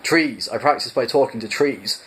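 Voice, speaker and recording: A man's voice: mid-range voice, moderate pace, a bit bright, pitched above the performer's own voice, close to an everyday voice, poor audio. A man voicing a lonely, bewildered castaway who talks hesitantly and rambles, as in a fan audiobook reading. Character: bewildered lonely Englishman, long marooned.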